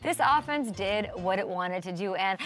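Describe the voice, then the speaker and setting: A woman hosting a sports talk show, animated and joking, riffing fast on the weekend's games. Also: medium pitch. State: out of breath. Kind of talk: energetic sports talk monologue.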